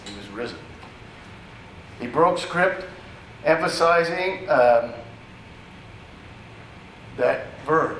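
A man's voice: mid-range voice, animated, slow pace, long pauses, slight background noise. A man preaching a sermon in a conversational, teaching way, with asides to the congregation. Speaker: pastor. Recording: echoey room, distant mic, faint ambience.

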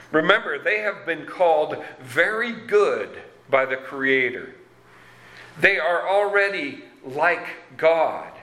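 Pastor guy giving a sermon, bright voice that swings up and down a lot, kinda roomy echo. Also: a little high.

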